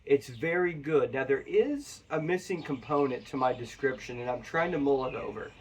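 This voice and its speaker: A man's voice: medium pitch, lively intonation, moderate pace, slight background noise. Rambling man reviewing whiskey. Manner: rambling, chatty, addresses viewers directly. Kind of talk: casual review vlog. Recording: voice a bit far from the mic.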